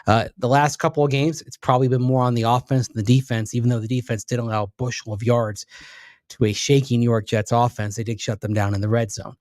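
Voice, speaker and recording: A man's voice: mid-range voice, flat delivery, fast talker, a little mellow, no room sound, clean studio sound. A man co-hosting a sports radio show, breaking down the team in an analytical, emphatic way. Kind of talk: casual sports talk.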